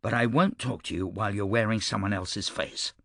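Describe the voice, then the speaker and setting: A man voicing a sharp, tense woman soldier in an audiobook, speaking in a strained, snapping way. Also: on the low side, a little fast, creaky, no echo, clean studio sound.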